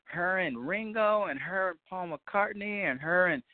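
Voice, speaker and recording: A man on a community call, telling a long story in a loose, profane way and acting out scenes with high-pitched quotes. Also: a little slow, no echo. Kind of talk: animated storytelling chat. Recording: dry, phone-like line.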